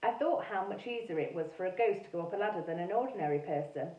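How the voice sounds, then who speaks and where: A woman teacher reading a storybook aloud in a lively, animated way. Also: lowish voice, fast. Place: classroom or school room. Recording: echoey room, mic far off, dull sound.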